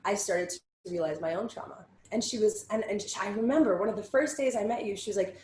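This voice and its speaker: A woman's voice: mid-range voice, fast talker, few pauses, darkish tone. A woman telling her own story as a survivor on a panel, candid and raw, swearing freely and piling up short phrases. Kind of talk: personal testimony in a panel talk. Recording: roomy echo with faint background hum.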